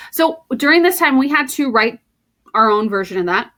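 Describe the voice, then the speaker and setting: A woman teacher giving a recorded lesson to her students, playful and warm, reading poems aloud and explaining them. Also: fairly high pitch, animated, moderate pace.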